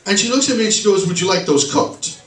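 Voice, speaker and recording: A man performs stand-up in a bar, his slightly high voice delivering sarcastic, deadpan punchlines. The sound is echoey and taken from far off across the room. Faint bar noise sits underneath. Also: fast talker. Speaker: stand-up comedian. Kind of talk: stand-up comedy set. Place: bar stage, live room. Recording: echoey bar recorded from a distance.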